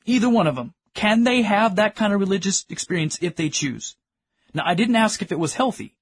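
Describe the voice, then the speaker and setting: A man's voice: high voice, animated, a little fast, breathy edge, no room sound, clean studio sound. A middle-aged man preaching a sermon, earnestly asking his congregation questions and calling them friends. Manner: addresses listeners as friends.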